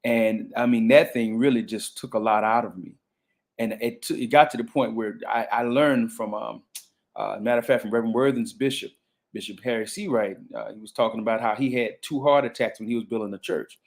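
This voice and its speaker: A man's voice: mid-range voice, steady tone, a little fast. A man, a pastor, talking in a panel conversation in a reflective way with frequent restarts and fillers.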